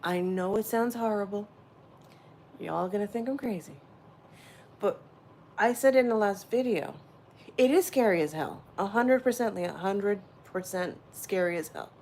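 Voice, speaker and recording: A woman hosting a casual spiritual livestream, rambling warmly and answering her viewers' chat directly. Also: mid-range voice, moderate pace, a little hiss or hum. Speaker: livestream host.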